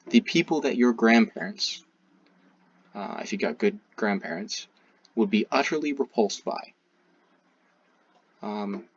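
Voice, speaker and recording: A man giving critical commentary in a halting, hesitant way, with frequent restarts. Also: on the low side, a bit bright, no echo. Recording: dull, muffled recording.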